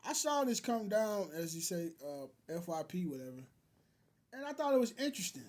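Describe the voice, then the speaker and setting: A man's voice: sits high, very animated, fairly quick, darkish tone. A man hosting a casual reaction video, rambling with many fillers and restarts, calling his viewers brothers. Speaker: commentary video host.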